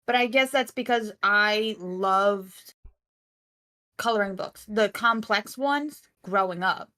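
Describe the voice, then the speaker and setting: A woman's voice: medium pitch, slow, pushed and bright. Hesitant woman full of fillers. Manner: hesitant, many fillers and false starts. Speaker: guest on a call. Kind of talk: casual conversation.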